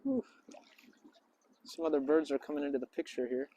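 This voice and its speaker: Expressive and warm in tone, a man talks at normal speed in a low-quality recording with slight background noise. The vlogger and English teacher host narrates casually at a lakeside park, playful and chatty, frequently calling to the birds in a high voice, while geese and ducks honk faintly.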